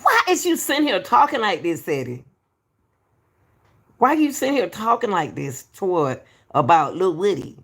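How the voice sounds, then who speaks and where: Gravelly woman calling people baby. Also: medium pitch, big pitch swings, normal speed. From Atlanta, US. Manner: repetitive, emphatic, calls people baby. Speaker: YouTube commentator. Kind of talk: reaction commentary.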